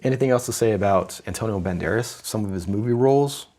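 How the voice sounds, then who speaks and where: A man's voice: on the low side, fast talker, dark tone. A man co-hosting a comedy podcast, chatting casually and teasing his friend with bursts of laughter. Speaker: podcast co-host.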